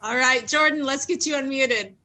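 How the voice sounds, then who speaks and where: A woman's voice: high voice, normal speed, pushed and bright, poor audio. A woman co-hosting a support group on a video call, affirming the speakers and laughing often. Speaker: group co-host.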